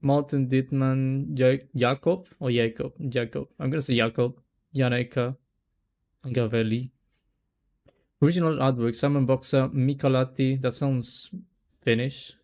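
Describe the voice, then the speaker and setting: A man's voice: mid-range voice, fairly even intonation, a little slow, darkish tone. A man streaming a video game in casual chat, rambling, laughing and stumbling over names as he reads. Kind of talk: casual let's-play chat.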